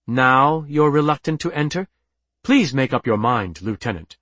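A man's voice: medium pitch, lively intonation, moderate pace, fairly bright tone, no echo. A man voicing a tense, proud male alien officer who speaks in a clipped, stiff and indignant way.

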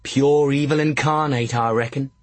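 A man voicing a quick-witted, sharp-tongued young male jester with a bawdy, mocking manner. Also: medium pitch, steady tone, dry recording, natural voice. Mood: wry.

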